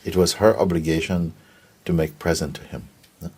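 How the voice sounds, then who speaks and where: A man giving a gentle spiritual talk and telling stories, often checking in with his listeners. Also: deep voice, steady tone, slightly rough. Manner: gentle, unhurried, keeps asking "you see?". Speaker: spiritual teacher.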